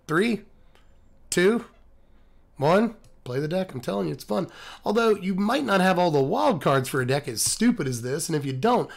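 A man hosting a video, hoarse and scratchy from laryngitis, rambling and joking through his sign-off. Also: high voice, lively intonation, a little fast. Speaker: host. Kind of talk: casual video outro.

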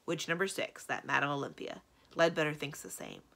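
A woman putting on a storybook ogre servant, blunt and loyal, speaking low and flat in a common manner. Her voice drops deep with a gravelly edge. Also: fairly quick, exaggerated voice. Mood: gruff.

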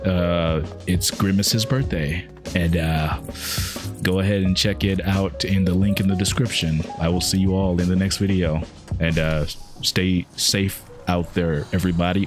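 A man commentating as he plays a horror game, joking, then yelping and pleading at it in panic. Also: low voice. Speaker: gaming channel host. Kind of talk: let's play commentary. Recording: loud game music behind. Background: game music.

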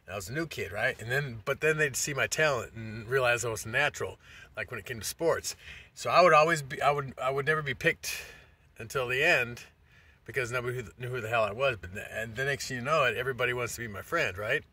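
A man's voice: mid-range voice, quick pace, pushed and bright, slightly rough. A middle-aged man telling a rambling, profane story in a casual monologue, restarting his sentences often. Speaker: vlogger.

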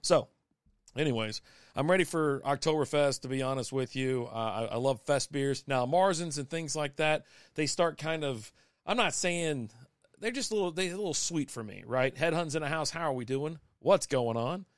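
A man's voice: fairly high pitch, moderate pace, dry recording, studio quality. A man, chatting casually and rambling with many restarts as a podcast host. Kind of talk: casual live-stream chat. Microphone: desk microphone.

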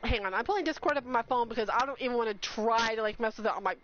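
A woman streamer, talking to her live chat in an excited, overwhelmed rush of exclamations. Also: on the high side, rapid-fire. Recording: slightly dull sound with faint noise.

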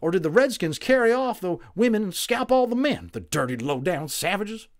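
A man voicing a cranky, rough-talking male cowboy with a gruff, scornful drawl. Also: high-pitched, very animated, moderate pace, pitched above the performer's own voice.

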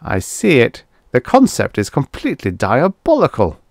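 A man's voice: medium pitch, wildly swooping pitch, normal speed, vocal fry, no echo, studio quality, voice pushed up. A man voicing a frightened spaceman who pleads urgently in a raised voice. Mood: urgent, pleading.

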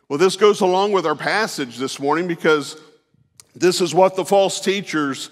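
In a church sanctuary, a pastor gives a conversational sermon with personal storytelling. His slightly high male voice carries a folksy, unhurried manner full of "uh"s, fillers, and restarts, echoing with the long reverb of a large hall.

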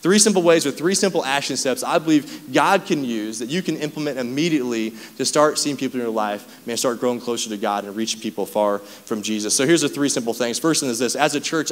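Fast-talking pastor in a reverberant hall. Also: male voice, mid-range voice. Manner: casual storytelling, laughs often, animated. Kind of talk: sermon. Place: church auditorium.

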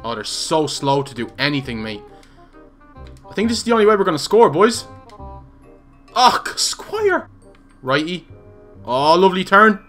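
A young man giving excited, jokey commentary over his own football video game, swinging between shouts and mutters. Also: a little high, a little slow, long pauses, faint music behind. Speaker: gaming YouTuber.

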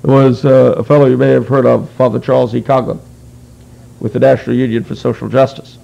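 A man's voice: medium pitch, flat delivery, brisk, vocal fry, dark tone, dull audio. A man giving a conversational history lecture as a guest, explaining earnestly with wry asides. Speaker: guest speaker.

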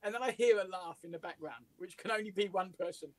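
English male comedian, high voice, animated storyteller, dry recording. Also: fast, no echo. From England. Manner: lively, laughs through his stories. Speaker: comedian and writer, guest. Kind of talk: casual anecdotal storytelling. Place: office.

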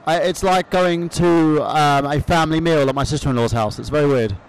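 Guy with a high voice rambling jokes on a live podcast, casual. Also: fairly quick, clear, resonant tone, poor audio. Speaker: podcast guest. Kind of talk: casual chat, comic storytelling. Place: convention hall at a live expo.

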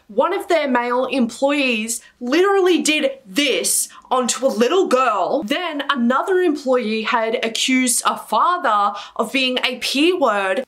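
A woman's voice: high voice, fairly bright tone. A woman hosting a commentary channel, talking in an emphatic, dramatic way. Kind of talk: commentary with sponsor read.

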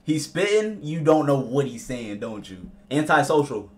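A young man streaming live as he reacts to rap songs, excitable and slangy, repeating himself. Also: mid-range voice, moderate pace.

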